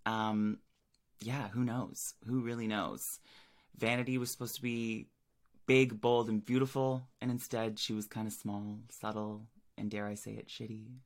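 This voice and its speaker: A man's voice: lowish voice, little pitch movement, unhurried. A man co-hosts a casual podcast, working through his notes on a TV episode. He talks in a playful, chatty way. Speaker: podcast co-host. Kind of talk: casual chat recapping an episode.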